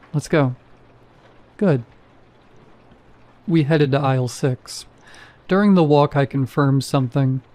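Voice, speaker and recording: Man narrating horror, mellow dark tone. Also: medium pitch. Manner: wry, casual first-person storytelling. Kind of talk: scripted first-person narration.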